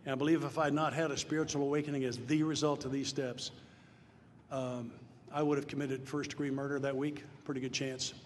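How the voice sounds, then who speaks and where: An older man from Tennessee telling his recovery story to a gathered audience, earnest and plain-spoken, swelling into loud emphatic lines. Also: mid-range voice. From Nashville, Tennessee. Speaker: speaker at a recovery meeting. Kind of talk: personal testimony talk. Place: large hall before an audience. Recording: live hall with long reverb, faint noise.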